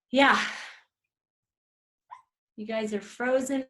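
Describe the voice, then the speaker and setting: A woman's voice: high voice, normal speed, a bit bright. A woman shaman guiding an energy healing over a video call, with soothing, repetitive invocations. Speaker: shaman healer. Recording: roomy echo.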